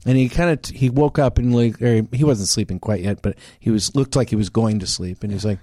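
A man's voice: fairly low pitch, fairly quick, dark tone, no echo, studio quality. A man telling a story in casual chat, acting out both sides of an argument with many restarts.

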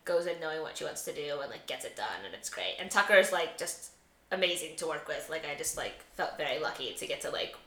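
A woman's voice: sits low, lively intonation, a little fast, fairly bright tone. A young woman co-hosting a podcast, enthusiastic and peppered with "like". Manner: enthusiastic, says "like" a lot. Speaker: podcast co-host and TV writer. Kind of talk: casual chat. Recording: echoey room with faint background noise.

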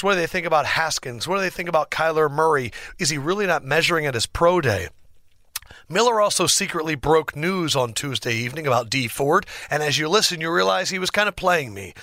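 A young man hosting a sports podcast as a lively solo monologue, theatrical and excitable, swinging between big outbursts and mock gloom. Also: fairly high pitch, brisk, no room sound. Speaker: podcast host. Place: podcast studio.

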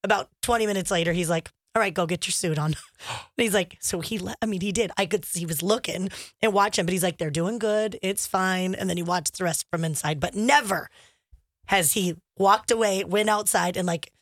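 A woman's voice: mid-range voice, brisk, no echo, clean studio sound. A woman co-hosting a radio show, chatting casually and acting out quotes as she tells stories. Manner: animated storyteller acting out quotes. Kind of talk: casual chat.

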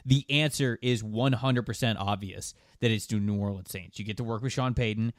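A man's voice: on the low side, a little fast, no echo, clean studio sound. A man hosting a casual podcast, chatty and explanatory as he reads listener questions. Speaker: podcast host.

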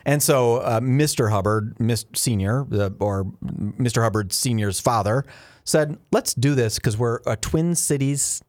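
Animated male radio co-host, dry studio sound. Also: medium pitch, a little slow, dry recording. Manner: animated storyteller, acts out quotes. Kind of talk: casual radio banter.

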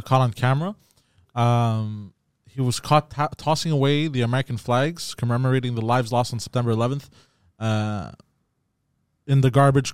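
Halting man reading news aloud. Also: medium pitch, darkish tone, smooth, no room sound, studio quality. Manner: halting, stumbles over words while reading news. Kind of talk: casual news chat.

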